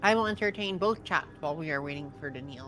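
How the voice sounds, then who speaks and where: A woman's voice: sits low, lively intonation, quick pace, a bit bright, soft background music. A woman co-streaming a game, casually chatting and mock-scolding the chat with playful swearing. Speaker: co-op streaming guest.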